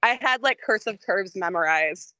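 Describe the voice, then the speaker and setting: A woman's voice: medium pitch, lively intonation, normal speed, sharp tone, dry recording, poor audio. Young female musician guest, chatty and giggly, dry close sound. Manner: rambling, heavy use of "like", laughs often. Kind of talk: casual podcast chat.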